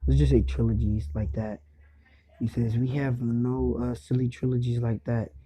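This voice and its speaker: A man's voice: medium pitch, flat delivery, moderate pace, dark tone. A man casually retelling a fan story off the cuff, rambling and hesitant, with lots of fillers and restarts. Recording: dull lo-fi home recording.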